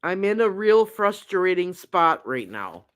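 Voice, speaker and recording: Slow-talking man reading his notes. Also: high voice, big pitch swings, fairly bright tone, clear, resonant tone. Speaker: true crime show host. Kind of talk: reading trial notes aloud.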